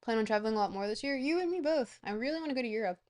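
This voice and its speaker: A woman's voice: on the high side, lively intonation, very fast, a little mellow. A young woman streamer chatting casually and rambling as she reads out and answers viewer questions. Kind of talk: casual chat with a live stream audience.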